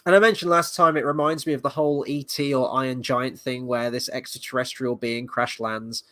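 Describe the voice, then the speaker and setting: A man's voice: medium pitch, steady tone, brisk, sharp tone, no room sound. Male reviewer, mid-range voice, dry close recording, loose sarcastic delivery with swearing. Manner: rambling, sarcastic, swears, mocks scenes in quoted voices. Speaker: video reviewer. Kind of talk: casual spoken review.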